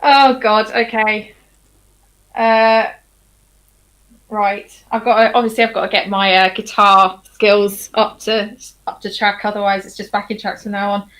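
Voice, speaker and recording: A woman's voice: medium pitch, level tone, a little slow, fairly bright tone, faint music behind. A woman co-hosting a casual chat show, laughing often and mocking herself, with some casual swearing. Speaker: co-host and singer.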